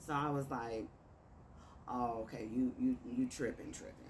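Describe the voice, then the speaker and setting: A woman's voice: very deep voice, fairly even intonation, moderate pace. A woman from Chicago with a Chicago accent, casually telling a dating story and acting out both sides of the texts. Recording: distant mic with clear background noise.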